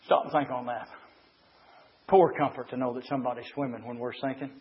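A man preaching a fiery sermon, swinging from low murmurs to shouted climaxes and reading passages aloud to comment on them. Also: steady tone, a little fast, husky. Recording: reverberant hall, muffled lo-fi sound.

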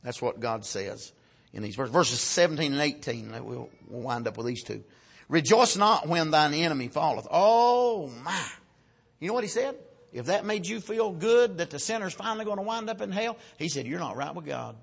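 Brief: male preacher, fairly high pitched and husky, folksy delivery, big swings between shouting and quiet. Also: expressive, moderate pace. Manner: swings from loud shouting peaks to low quiet asides, folksy. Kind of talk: sermon.

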